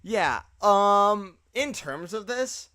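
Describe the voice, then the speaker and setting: A man streaming live, giving casual, animated reaction commentary full of loose filler words. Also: high voice, very slow, no room sound, studio quality, soft background music.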